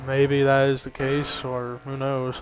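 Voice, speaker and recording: A young man giving amateur play-by-play commentary on a simulated race, steady and given to hedging. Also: medium pitch, a little slow, a little hiss or hum, rough recording. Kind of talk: amateur sim-racing commentary.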